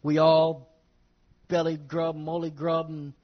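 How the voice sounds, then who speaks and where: A high-voiced man preaches to his congregation. He leans hard on his phrases, repeating them and calling out to the people in front of him. The recording is dull and lo-fi, with the top end rolled off. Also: completely flat delivery, takes it slowly. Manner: emphatic, repeats phrases, addresses congregation directly. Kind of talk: sermon. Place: church service with congregation.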